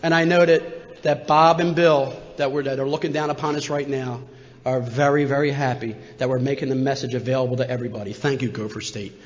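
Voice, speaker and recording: A man in his sixties from Philadelphia, telling a humorous personal story as a recovery meeting speaker, animated and acting out the voices of people in it. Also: mid-range voice, fairly quick. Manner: animated, jokey, acts out voices. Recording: muffled, long hall reverb.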